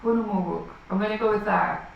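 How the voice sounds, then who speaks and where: A woman's voice: mid-range voice, normal speed, creaky, heavy reverb, recorded from a distance, highs cut off, a little hiss or hum. A woman co-hosting a livestream, casually reading viewer comments aloud. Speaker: co-host reading chat.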